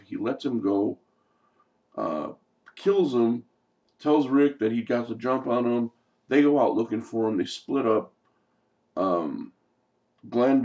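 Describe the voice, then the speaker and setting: Gravelly man ranting about a show. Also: medium pitch, mellow, recorded from a distance, muffled recording. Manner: heated, profane, exasperated. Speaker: TV show commentator. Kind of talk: casual rant recap.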